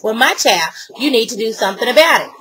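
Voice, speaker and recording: Middle-aged woman, angry vlog rant, blunt and profane, bright tense voice, fairly high. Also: expressive, fast, breathy edge, low-quality recording. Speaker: vlogger. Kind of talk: heated rant to camera.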